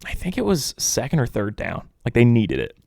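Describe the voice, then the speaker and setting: A young man hosting a casual solo sports podcast, rambling and animated, sometimes mocking pundits in impressions. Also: mid-range voice, moderate pace, gravelly, no echo, studio quality. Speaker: podcast host.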